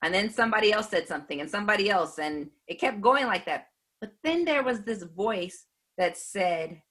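A woman earnestly recounting a personal faith testimony in a measured way. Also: medium pitch, animated, fairly bright tone, husky. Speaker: speaker giving a faith testimony.

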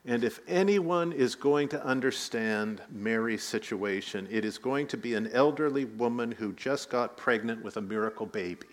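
A man's voice: medium pitch, normal speed, few pauses. A man preaching a sermon, telling the story with rising emphasis and light asides. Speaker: pastor.

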